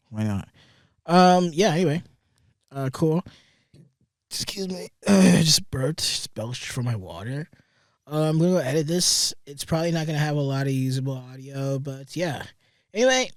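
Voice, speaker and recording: A man's voice: on the high side, animated, moderate pace, pauses often, no echo. Young man, podcast host, rambling, sarcastic, swears a lot, dry studio sound. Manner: rambling, profane, sarcastic asides. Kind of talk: casual solo commentary. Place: recording studio.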